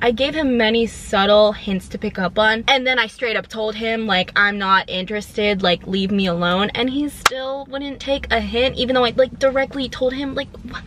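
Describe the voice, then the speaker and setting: A woman's voice: fairly high pitch, a little hiss or hum. A young woman chatting animatedly in a casual vlog, recorded in her car on a camera phone. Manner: chatty, animated retelling with quoted voices. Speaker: vlogger.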